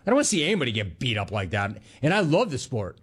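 A man's voice: mid-range voice, wildly swooping pitch, slightly rough. Emphatic male sports radio host. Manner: conversational, emphatic, quick bursts with repeated words. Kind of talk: sports talk radio monologue.

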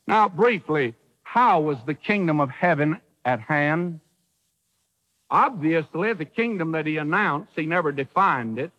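High, lively old-time radio preacher. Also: male voice, long reverb tail, poor audio. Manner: preaching with folksy wording and dramatic quotes. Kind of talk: sermon.

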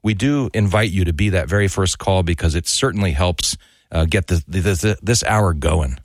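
A man with a fairly low voice co-hosting a radio fund drive, making an earnest, persuasive appeal to listeners. The sound is dry and close, like a studio mic. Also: moderate pace, no room sound.

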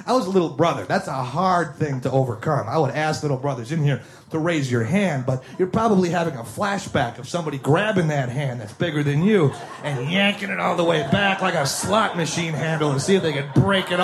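A male comedian rambles through family stories in a somewhat high voice. There is faint noise in the background. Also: brisk. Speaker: stand-up comedian. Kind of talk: stand-up comedy.

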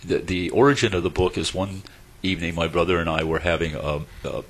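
A man hosting a casual radio talk show, joking and laughing often, with halting restarts. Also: deep voice, fairly even intonation, slight background noise.

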